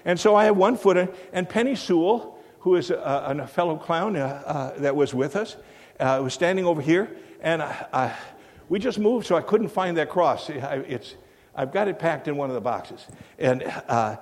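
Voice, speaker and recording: A man's voice: on the high side, lively intonation, normal speed, a little mellow. An older man telling a rambling story in a sermon, full of fillers and restarts, recorded in a church. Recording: long hall reverb.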